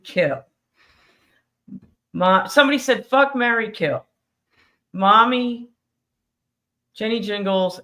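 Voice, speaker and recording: A woman from the US Northeast with a Northeast accent, telling a story as a guest in a casual podcast chat, in an unhurried way. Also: lowish voice, fairly bright tone. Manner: unhurried storytelling, chuckles between points.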